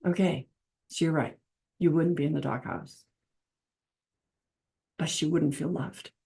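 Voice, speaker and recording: A middle-aged woman with a slightly low voice talks about faith and marriage in a casual teaching monologue. She is earnest and emphatic, repeating her key lines and acting out the people she quotes. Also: steady tone, measured pace, creaky, dark tone.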